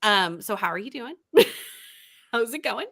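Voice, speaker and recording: A young woman with a high, bright voice hosts a relaxed reading livestream. She chats along easily and greets each viewer by name as she reads their comments out. Her tone is friendly and conversational. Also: slow pace. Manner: chatty and warm toward viewers, greets them by name.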